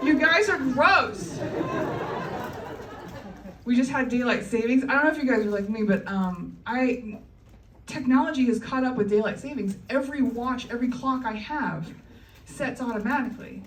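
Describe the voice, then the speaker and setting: A woman's voice: a little high, moderate pace, far from the mic, slight background noise. Wry woman comic on a roomy club stage. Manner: chatty, wry, laughing between lines. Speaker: stand-up comedian. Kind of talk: stand-up comedy set. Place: comedy club stage before a live audience. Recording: roomy live club recording, crowd and ambience behind.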